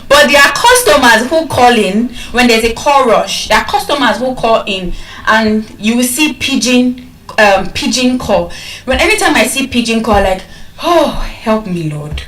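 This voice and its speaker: A woman's voice: fairly high pitch, moderate pace, distant mic. Nigerian woman speaking in an echoey hall. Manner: animated storytelling, acting out calls. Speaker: public speaker. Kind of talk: motivational speech.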